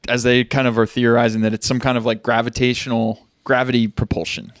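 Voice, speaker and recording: A man's voice: mid-range voice, little pitch movement, a little fast, dry recording, clean studio sound. A man co-hosting a podcast, musing and rambling in casual chat with lots of fillers and restarts. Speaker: podcast co-host.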